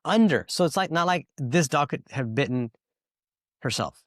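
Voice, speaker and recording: A man's voice: mid-range voice, normal speed, dry recording. Guy hosting a podcast, rambly storytelling, lots of um and you know, dry close mic. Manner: rambling, filler-heavy, animated storytelling. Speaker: podcast host.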